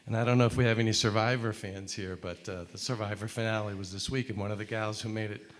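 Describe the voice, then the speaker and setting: A man's voice: fairly low pitch, steady tone, fast talker. A man in a chapel congregation sharing an encouraging thought in a conversational way, speaking into a mic that is passed around. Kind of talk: spontaneous comment in a group discussion.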